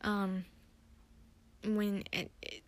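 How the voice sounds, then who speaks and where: A woman's voice: medium pitch, flat delivery, extremely slow. A woman hosting her own podcast, recapping a TV episode in a chatty, rambling way with many fillers and restarts. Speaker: podcast host.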